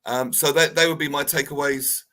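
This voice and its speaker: A man's voice: fairly high pitch, fairly even intonation, normal speed, pushed and bright. A man co-hosting a radio show, summing up earnestly and reflectively with frequent ums. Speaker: radio co-host. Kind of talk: casual radio chat with wrap-up summary. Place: radio studio.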